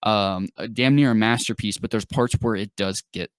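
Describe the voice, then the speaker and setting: A man's voice: lowish voice, normal speed, no echo, studio quality. A man co-hosting a casual film review podcast, talking enthusiastically with plenty of fillers. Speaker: podcast co-host.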